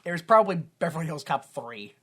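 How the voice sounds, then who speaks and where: Comedy podcast co-host, male, lively swooping delivery, jokey recap with quick character voices. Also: on the high side. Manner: riffing, acts out characters in quick silly voices; laughs often, swears casually. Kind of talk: casual comedic movie recap.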